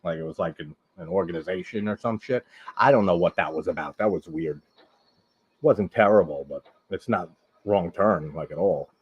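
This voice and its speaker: A low-pitched man rambles through a casual live-stream chat, leaning hard on "like" and tossing in swear words. The recording sounds dull and lo-fi. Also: normal speed, slightly rough. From Long Island, New York. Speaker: host of a horror movie live stream.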